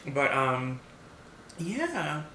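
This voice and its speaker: A man vlogging a mukbang story time, talking while he eats in an animated, blunt, profane way. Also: a little high, extremely slow. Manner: animated, talks while eating. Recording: echoey room, faint background hiss.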